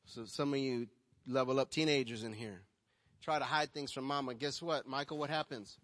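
Man preaching, swinging from quiet to loud. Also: mid-range voice, moderate pace. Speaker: pastor. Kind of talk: sermon. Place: church hall. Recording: long hall reverb.

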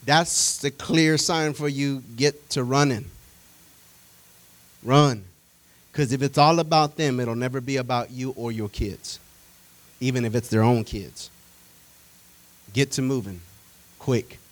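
A male preacher delivering a sermon in a folksy, conversational way, animated and full of repetition and rhetorical questions to the congregation. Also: mid-range voice, unhurried, pauses often, low-quality recording.

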